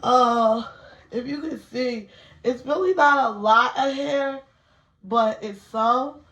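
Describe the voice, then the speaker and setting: A woman's voice: fairly high pitch, takes it slowly, fairly bright tone, highs cut off. Nervous chatty young woman vlogger. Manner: chatty, nervous, addresses viewers as y'all. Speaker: beauty vlogger. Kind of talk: casual vlog chat. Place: indoors at home.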